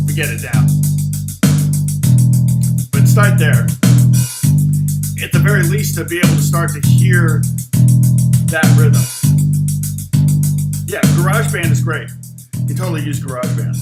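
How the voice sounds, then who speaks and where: A man's voice: on the high side, animated, normal speed, pauses often. A man teaching guitar in a loose, chatty live online lesson, counting and humming rhythms aloud as he goes. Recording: roomy sound with loud guitar and backing music.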